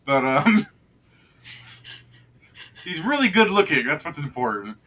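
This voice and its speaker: A man's voice: a little high, big pitch swings, slow pace, bright, forceful tone. A man narrating as game master in a tabletop game, joking and laughing often.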